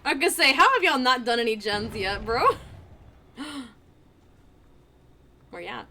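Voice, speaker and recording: A woman streamer commenting live on her gameplay in an excitable, playful way, laughing often and trash-talking the other players. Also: a little high, normal speed, a little hiss or hum.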